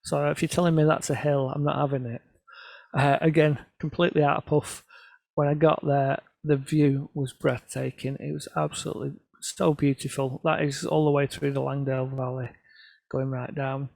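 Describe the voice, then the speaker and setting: A man's voice: medium pitch, level tone, moderate pace, gravelly, a little mellow, no room sound. A middle-aged man, telling self-deprecating stories about his photographs to an audience. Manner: storytelling, self-deprecating, quoting others in voices. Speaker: photographer presenting his work. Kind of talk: casual anecdotal talk to an audience.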